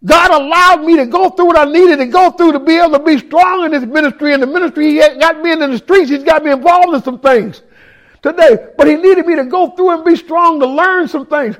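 A man with a strikingly high voice delivers a testimony sermon to his congregation. He talks in a raw, street-casual way and speaks straight to the people in the room. His telling turns openly emotional and swells into shouts. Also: brisk. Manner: addresses listeners directly in the room. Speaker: ministry speaker giving testimony.

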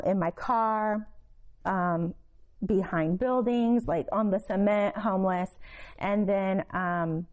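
A woman from Florida tells her testimony to a church congregation in a heartfelt, halting way. She stumbles over fillers and restarts her sentences as she goes. Her voice sits at an ordinary middle pitch. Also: a little mellow, poor audio. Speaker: testimony speaker.

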